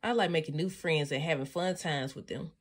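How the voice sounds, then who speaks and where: A woman voicing a shy, gentle male bilby who tells his own story in a soft, quiet way. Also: sits low, a little fast, husky, voice pushed down. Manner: soft, quiet first-person storybook telling.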